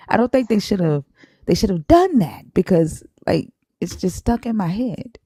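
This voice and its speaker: A woman with a Southern accent hosting a live stream, chatting casually, shouting out viewers and laughing often. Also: mid-range voice, sing-song, measured pace, creaky, slightly rough, dry recording, studio quality.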